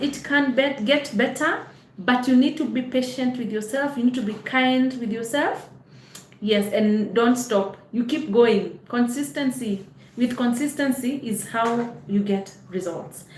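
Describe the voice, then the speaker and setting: A woman's voice: a little high, a little hiss or hum. A woman hosting a live stream, answering viewer comments as a life coach in an earnest, encouraging way, mixing in Swahili phrases. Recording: roomy echo.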